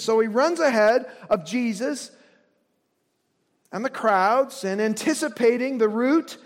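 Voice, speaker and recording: A man preaching a sermon as pastor, earnest, often dropping to a soft hush to drive a point home. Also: sits high. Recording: long reverb of a large hall.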